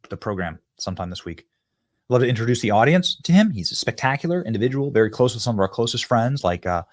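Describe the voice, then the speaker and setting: A male political show host whose voice swings widely up and down as he talks. He is emphatic and mocking and often bursts out loudly. The sound is dry and close, with no room around it. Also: medium pitch, no echo. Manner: emphatic, mocking, sudden loud outbursts. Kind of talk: animated political commentary.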